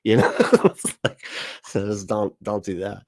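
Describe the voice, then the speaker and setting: A man's voice: on the low side, very animated, unhurried, dry recording, studio quality. A man hosting a casual livestream, reading chat messages aloud, laughing often and swearing casually as he rambles.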